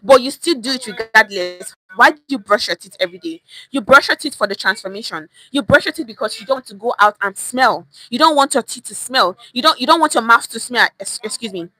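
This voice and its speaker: A woman's voice: fairly high pitch, animated, a little fast, bright, forceful tone, no room sound. A young woman with a Nigerian accent teaching a chatty online language lesson, repeating phrases and dropping in pidgin words.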